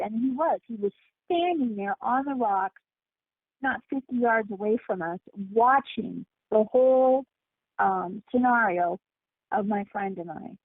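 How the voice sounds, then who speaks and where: Woman guest, emphatic storyteller, raspy voice on a tinny phone line. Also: medium pitch, measured pace, no room sound. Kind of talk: casual phone interview.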